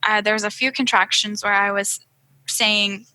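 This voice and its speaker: Young woman, podcast guest, earnest storyteller, bright voice, dry close sound. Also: medium pitch, moderate pace, no room sound, rough recording. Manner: earnest, animated when quoting others, many fillers. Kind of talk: telling her birth story in an interview.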